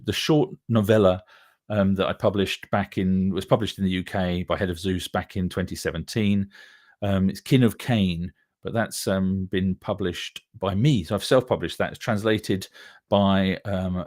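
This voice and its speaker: A man's voice: low voice, dry recording, studio quality. A man who writes novels, chatting casually to camera and rambling with many fillers and restarts. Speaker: author. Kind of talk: casual chat.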